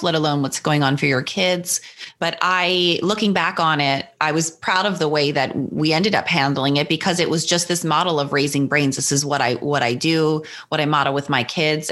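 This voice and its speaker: A woman from New Jersey, a guest and author, candidly and reflectively telling a personal story in an interview. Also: deep voice. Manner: reflective, candid, acts out her son's lines brightly.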